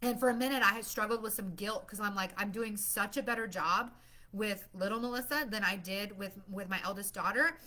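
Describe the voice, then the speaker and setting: A woman's voice: mid-range voice, a little fast, bright, forceful tone. A woman chatting casually on a live stream, bubbly and rambling, laughing often as she greets viewers and promotes her class. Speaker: livestream host promoting her masterclass.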